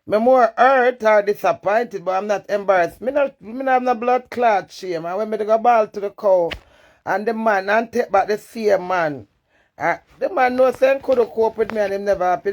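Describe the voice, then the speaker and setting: A woman's voice: mid-range voice, normal speed, darkish tone. A woman with a Jamaican accent, talking bluntly and profanely in a candid live-stream rant, swinging between defiance and emotion. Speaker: social media personality.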